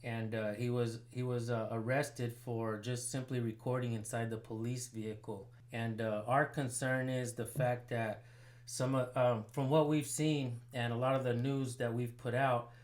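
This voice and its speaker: A man's voice: medium pitch, little pitch movement, normal speed, darkish tone. A man hosting a citizen journalism channel, commenting casually and pressing a sheriff's station by phone. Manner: casual, rambling, filler-heavy.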